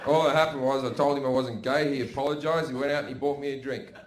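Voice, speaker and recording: A middle-aged stand-up comedian with an Australian accent does a crude set full of swearing, storytelling brashly to a live audience on stage. He speaks fast at medium pitch with fairly even intonation, recorded in an echoey venue with audience noise.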